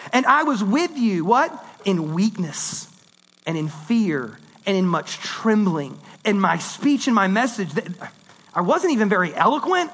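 A man preaching a sermon in a conversational, animated way, swinging between loud and hushed delivery. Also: high voice. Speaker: pastor.

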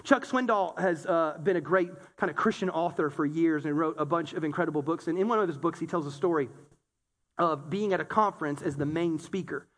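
A man's voice: on the high side, fairly quick, in a large hall. A man in his thirties preaching a sermon, telling funny stories with acted-out quotes. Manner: animated, humorous storytelling with acted-out quotes. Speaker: pastor.

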